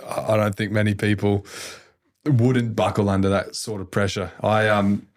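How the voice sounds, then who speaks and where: A man's voice: on the low side, flat delivery, normal speed, no echo, studio quality. A man hosting a podcast, chatting casually and encouraging his guest with easy interjections. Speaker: podcast host.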